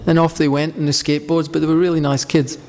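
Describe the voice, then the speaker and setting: A man's voice: on the high side, little pitch movement, fast talker. Rambling man telling stories in a hall. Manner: rambling, anecdotal, warm storytelling. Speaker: speaker leading a devotional group. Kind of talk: informal talk with questions.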